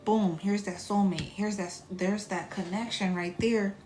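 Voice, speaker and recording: A woman in her thirties chatting casually on a live stream as a spiritual reader, animated and profane, with laughing asides. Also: mid-range voice, measured pace, slight background noise.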